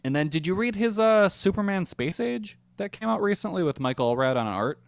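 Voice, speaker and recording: A man's voice: high voice, lively intonation, normal speed, gravelly, clean tone, no echo. A man co-hosting a podcast in casual chat, laid-back and laughing often. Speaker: podcast co-host.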